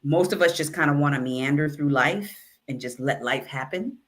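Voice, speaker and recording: A woman who works as a writing consultant and author coach, telling a story in a casual, animated way and acting out the dialogue. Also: low voice, moderate pace. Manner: animated, acts out quoted dialogue.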